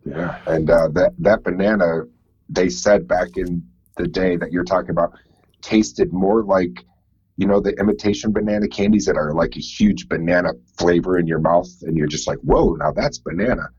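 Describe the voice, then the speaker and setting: A man's voice: low-pitched, steady tone, normal speed, darkish tone, breathy edge, no echo, dull audio. A man guest on a podcast, chatting casually and agreeing along. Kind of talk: casual chat.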